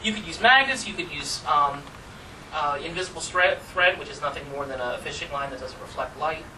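Talking about performing magic before a roomful of listeners, this man keeps things casual and chatty and laughs at his own tales. His fairly high voice sounds pushed and bright, moving a little fast. The recording comes from a distant mic with background noise.

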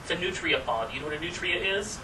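A man's voice: on the high side, expressive, racing, pushed and bright. Male magician demoing for a small group; chatty, playful. Recorded from a distance with room noise. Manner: chatty, teasing, theatrical asides. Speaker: magician presenter. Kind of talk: live workshop demonstration. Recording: distant mic with clear background noise.

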